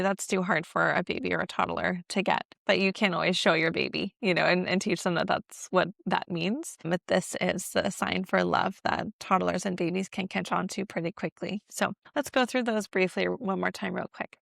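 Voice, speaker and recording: A woman's voice: fairly low pitch, moderate pace, vocal fry, a bit bright, dry recording, clean studio sound. A woman in her thirties teaching baby sign language at home, slipping into sing-song baby talk to model each sign. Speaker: parenting educator.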